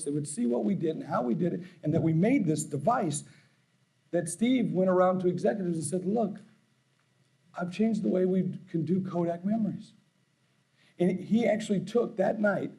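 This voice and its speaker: A man's voice: sits high, vocal fry, poor audio. A middle-aged man giving a conference keynote, telling stories in a folksy, anecdotal way. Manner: folksy, anecdotal, growing animated and loud. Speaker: keynote speaker. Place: conference stage.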